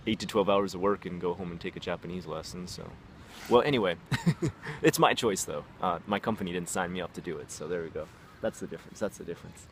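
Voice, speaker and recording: Low-voiced man rambling casually. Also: a little hiss or hum. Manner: rambling, filler-heavy, acts out quoted voices. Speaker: vlogger, former English teacher. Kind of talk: casual storytelling vlog.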